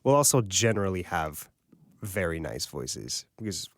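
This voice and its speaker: A man's voice: deep voice, sing-song, moderate pace, no room sound, clean studio sound. A man co-hosting a podcast discussion about audiobooks, chatty and self-deprecating. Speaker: podcast co-host. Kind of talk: casual panel discussion.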